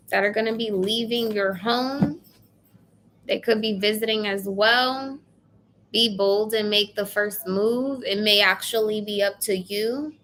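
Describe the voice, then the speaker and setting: Woman tarot reader, casual live session; blunt, chatty, a bit high in pitch. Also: a bit bright, a little hiss or hum. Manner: chatty, blunt, swears casually, addresses viewers by name.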